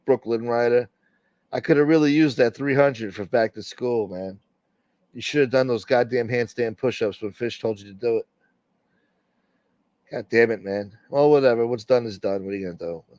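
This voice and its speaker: A man's voice: medium pitch, normal speed, a little mellow, no echo, lo-fi sound. A man hosting a casual livestream, reading out chat and rambling crudely with lots of swearing.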